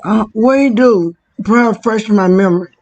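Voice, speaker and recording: A host in casual chat, asking relaxed questions. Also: medium pitch, a little fast, dull audio.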